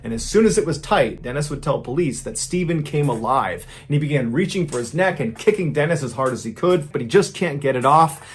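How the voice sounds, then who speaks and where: A man's voice: mid-range voice, slightly rough. A man hosting a podcast, telling a true-crime story in a casual, conversational way that builds suspense. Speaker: podcast host.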